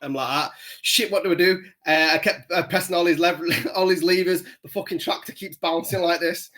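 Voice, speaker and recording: Male podcast co-host, somewhat high, bright and tense, rambling sweary anecdotes. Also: fairly even intonation, a little fast. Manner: rambling, swears constantly, laughs at his own story. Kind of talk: casual storytelling chat.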